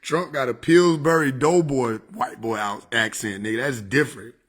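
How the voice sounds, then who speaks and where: A man hosts a livestream, chatting casually in a laid-back, slangy way and laughing often. His voice is medium in pitch at a normal speed.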